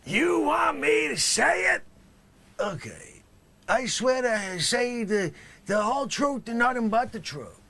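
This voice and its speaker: In a comedy sketch, a man plays a brash, tough-talking middle-aged drug dealer who swaggers and boasts, lurching from loud claims to low mutters. His husky voice has lively intonation at a moderate pace.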